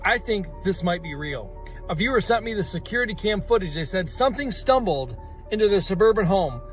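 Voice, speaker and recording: A man's voice: sits high, expressive, a little fast, faint music behind. A man doing conspiracy commentary, insistent and challenging the listener.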